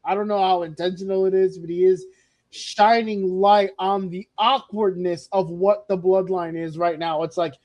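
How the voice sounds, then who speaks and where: High-voiced blunt man in casual chat. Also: fairly even intonation, normal speed, darkish tone, dull audio. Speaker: podcast co-host.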